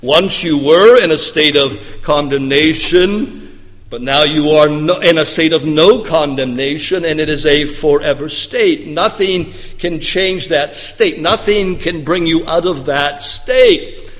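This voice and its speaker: A man preaching a sermon with emphatic delivery, swinging between loud bursts and soft, low stretches. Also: slow. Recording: long reverb of a large hall.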